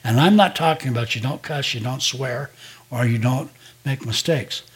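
A man's voice: medium pitch, normal speed. An older man, a pastor, preaching a sermon in a conversational, storytelling way, acting out quoted dialogue.

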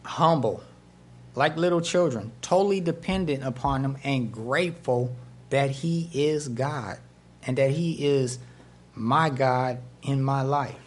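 Here a pastor with a medium-pitched male voice preaches slowly, weaving stories into his sermon. He's animated, performing the voices of the people in them.

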